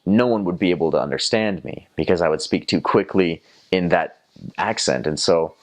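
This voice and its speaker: In a voice that sits low and moves at normal speed, a young North Carolinian with a Southern American drawl shares casual stories from his time as a missionary. Now and then he drops into playful imitations of other accents.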